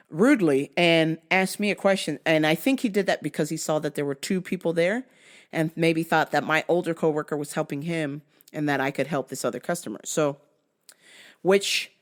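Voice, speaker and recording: A woman hosting her own podcast, telling comic stories with a lot of swearing and laughter. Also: lowish voice. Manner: profane, laughing often. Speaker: podcast host. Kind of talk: casual comic storytelling.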